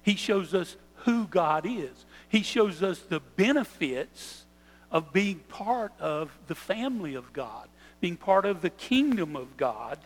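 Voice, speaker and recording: Earnest high-voiced male preacher. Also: big pitch swings, in a large hall, low-quality recording. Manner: earnest preaching, slows and stresses key phrases. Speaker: pastor. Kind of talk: sermon.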